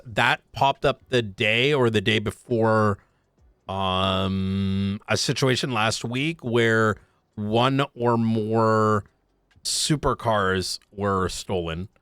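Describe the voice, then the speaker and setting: A man in character as a police officer in roleplay chat, measured and matter-of-fact. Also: on the low side, fairly even intonation, a bit bright, smooth, no echo, studio quality, faint music behind.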